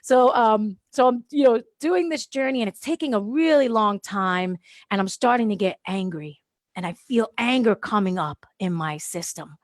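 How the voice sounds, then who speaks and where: A woman guest on a radio show, telling a lively story, laughing often and acting out what people said. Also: mid-range voice, moderate pace, no room sound, clean studio sound. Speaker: guest, holistic wellness practitioner. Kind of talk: animated storytelling in a radio interview. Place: radio studio.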